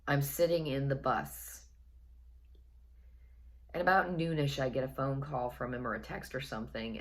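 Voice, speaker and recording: A woman casually telling a personal story to her viewers, chatty and wry, repeating phrases for effect. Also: rumbling low. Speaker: storytelling vlogger.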